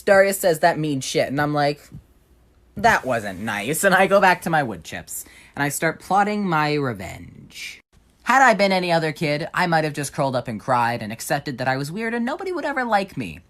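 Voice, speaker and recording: A woman's voice: deep voice, big pitch swings, brisk, a bit bright. A young woman telling a storytime in a dry, sardonic way, acting out the voices she quotes. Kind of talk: storytime narration over slime video.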